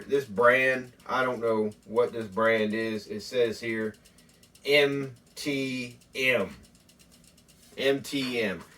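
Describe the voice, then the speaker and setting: A man hosts a mock home tutorial, talking slowly in a folksy, deadpan, rambling way. His voice sits mid-range and sounds a little distant from the mic. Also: mid-range voice, background noise. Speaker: host.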